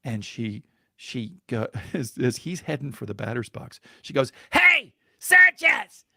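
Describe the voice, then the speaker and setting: A man telling a story on a podcast in a lively, chuckling way, with fillers and restarts along the way. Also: medium pitch, moderate pace, creaky, dry recording, clean studio sound. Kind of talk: conversational storytelling.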